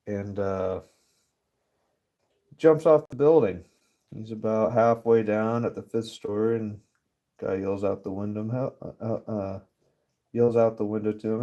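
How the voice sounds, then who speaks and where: Rambling, laid-back man with a mellow voice. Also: lowish voice, fairly even intonation, a little slow, pauses often, highs cut off. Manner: rambling, swears often, laughs easily. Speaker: livestream host. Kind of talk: casual live stream chat. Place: workshop, stamping metal by hand.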